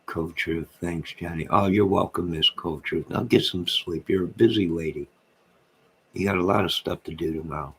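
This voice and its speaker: With a low, slightly rough voice at a normal speed, a man hosts a late-night home livestream, reading chat and answering viewers with joking, meandering banter.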